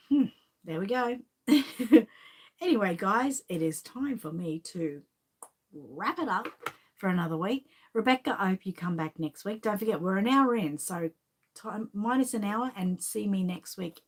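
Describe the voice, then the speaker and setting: Australian woman, live stream host, rambling casual chat, mid-pitched voice, answers viewers as she goes. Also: expressive, normal speed. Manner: chatty and rambling, reads out viewer comments.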